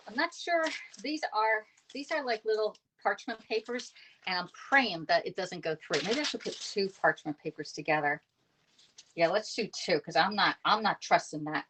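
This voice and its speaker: A woman's voice: on the low side, fairly bright tone, a little hiss or hum. Casting: woman, chatty live-stream cooking host, home kitchen, laughs easily. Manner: chatty, greets viewers by name, laughs often.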